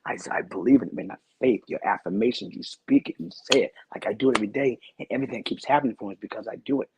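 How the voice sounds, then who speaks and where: A man's voice: medium pitch, racing, darkish tone, a little hiss or hum, rough recording. A man who is a guest on a talk show, telling a personal story in a rambling, earnest way and repeating his phrases.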